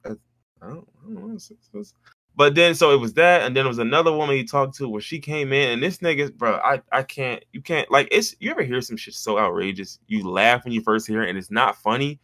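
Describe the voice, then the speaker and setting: A man co-hosting a podcast, telling a story in casual chat and jumping into high mimicking voices when he quotes people. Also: quick pace, hardly any pauses, bright, forceful tone, no echo, studio quality. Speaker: podcast co-host.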